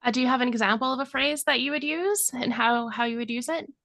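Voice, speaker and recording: A woman's voice: on the high side, quick pace, creaky, a bit bright, no echo, studio quality. A woman interviewing a podcast producer, asking eager, curious questions in a casual chat.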